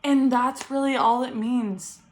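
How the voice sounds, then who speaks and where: Sitting in her home bedroom with a ring light, a young woman who just became a mother talks heartfeltly to camera in her vlog, encouraging viewers and laughing frequently. She speaks a little slowly, in a high-pitched, steady tone.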